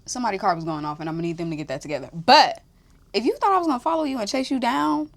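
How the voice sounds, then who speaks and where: A young woman hosting a podcast, telling a story in casual chat, animated, swearing freely and breaking into laughs. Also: mid-range voice, rapid-fire, vocal fry. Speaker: podcast host.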